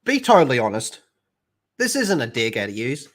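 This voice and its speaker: This young streamer with an Australian accent swings his mid-range voice wildly in pitch while talking at a normal speed. He's reviewing a TV show in loose live-stream chat, cursing constantly, being crude and laughing often.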